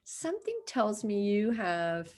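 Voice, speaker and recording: A woman's voice: mid-range voice, sing-song, slow pace, a little mellow. A woman chatting casually to the camera, rambling and self-mocking, laughing often and slipping into put-on accents for fun. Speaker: vlogger.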